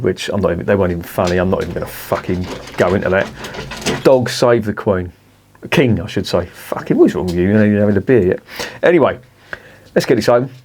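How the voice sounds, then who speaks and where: A man's voice: sits low, a little mellow. A man reviewing a beer in a casual vlog, blunt and grumbling, swearing freely.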